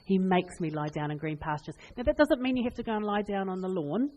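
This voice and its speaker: A woman preaching a sermon, telling funny family stories with laughs and lively asides. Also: medium pitch, quick pace, a little hiss or hum. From New Zealand. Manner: animated, laughing, chatty anecdotes. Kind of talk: humorous storytelling sermon. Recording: long reverb in a hall.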